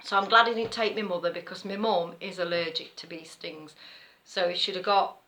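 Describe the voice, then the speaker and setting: Fairly low in pitch, steady in tone, and a little fast, the middle-aged woman's voice is pushed and bright. She's a knitting vlogger with an East Midlands English accent, rambling casually and laughing often as she tells a story.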